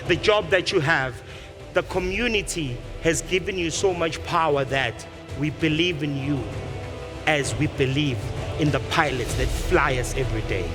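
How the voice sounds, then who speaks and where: Man, high voice, lively keynote storyteller, faint music under. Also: moderate pace. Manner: animated storyteller acting out characters. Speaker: speaker. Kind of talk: motivational speech with storytelling.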